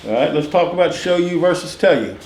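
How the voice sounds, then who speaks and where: A middle-aged man teaching a sales training class, repeating key phrases and quizzing the room with quick questions. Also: fairly high pitch, animated, darkish tone. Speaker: real estate sales instructor. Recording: echoey room with faint noise.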